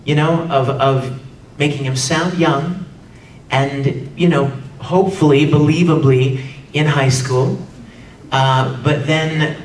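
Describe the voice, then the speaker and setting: A man speaking on a live convention panel, lively and chatty, now and then acting out character lines and yells. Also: a little high, a little hiss or hum. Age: adult, no longer sounds young. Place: large convention hall with audience. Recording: echoey hall taped from far off with crowd.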